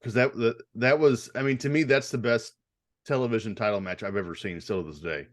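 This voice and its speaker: A man's voice: mid-range voice, fairly quick. A man interviewing a guest, asking detailed fan-level questions in a casual tone and chuckling now and then.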